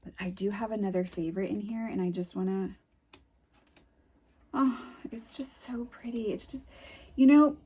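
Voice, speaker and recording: A woman with a New England accent talks through an unboxing in a casual, gushing way. Her voice is breathy and husky, and she drifts into dreamy, soft murmurs between bursts of delight. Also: mid-range voice, normal speed, long pauses. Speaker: tarot video host.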